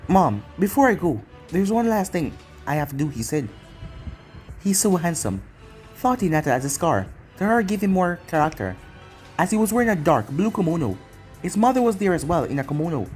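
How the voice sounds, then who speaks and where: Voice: mid-range voice, a little mellow, rough recording. A reader narrating a fan story aloud, voicing every character in the same voice and running lines and tags together.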